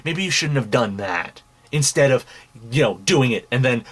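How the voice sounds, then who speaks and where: A man's voice: mid-range voice, lively intonation, normal speed, fairly bright tone, breathy edge. A young man hosting a commentary show, ranting angrily with heavy swearing and mocking scorn. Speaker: commentary podcast host. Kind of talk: angry profane commentary.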